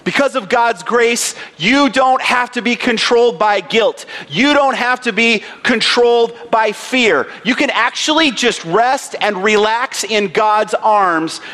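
Man, thirties, pastor, emphatic sermon delivery, high-pitched voice. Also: fairly bright tone. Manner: earnest, emphatic preaching with personal stories.

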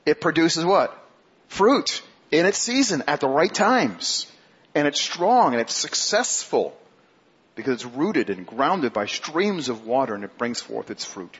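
A male pastor preaching a sermon, who asks the congregation questions and slows down to stress key phrases. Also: fairly high pitch, very animated, fairly bright tone, breathy edge. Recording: dull lo-fi sermon recording.

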